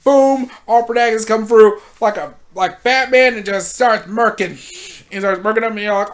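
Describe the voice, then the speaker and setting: A woman recapping anime episodes in casual commentary, with slangy and animated storytelling. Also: fairly high pitch, normal speed. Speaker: anime reviewer.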